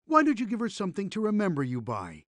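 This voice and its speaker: Reassuring cartoon dad. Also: male voice, high-pitched, huge pitch swings, quick pace, full character voice. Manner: warm, reassuring explanations. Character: kind, patient cartoon father.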